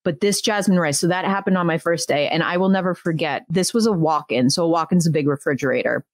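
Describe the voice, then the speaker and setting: A woman in her thirties, a podcast host, telling a story in lively casual chat and laughing often. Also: on the low side, quick pace, dry recording.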